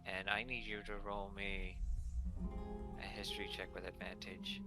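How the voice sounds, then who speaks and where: A man's voice: low voice, level tone, moderate pace, over loud music. A man narrating as dungeon master in a casual tabletop game, talking loosely with many fillers.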